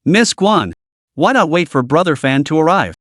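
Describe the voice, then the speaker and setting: A man's voice: fairly high pitch, lively intonation, normal speed, no echo, natural voice. Give me a man playing a loyal henchman with polite sarcasm, in a dry close recording. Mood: sarcastic.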